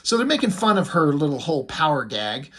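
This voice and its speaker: Husky, fairly high-voiced man reviewing comics. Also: sing-song, a little fast, fairly bright tone. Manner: loose and rambling, with frequent "like" and "you know"; blunt, mocking asides. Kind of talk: casual video commentary.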